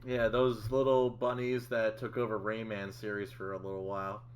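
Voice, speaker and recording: A man hosting a casual podcast chat, relaxed and swearing in offhand asides. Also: on the low side, normal speed, clean tone. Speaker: podcast host.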